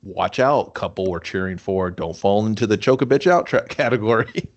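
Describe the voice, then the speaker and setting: A man's voice: on the low side, normal speed, highs cut off. A man co-hosting a casual movie review talk, animatedly acting out scenes with swearing and laughter. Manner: animated, acts out characters with profanity and laughter. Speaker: podcast co-host.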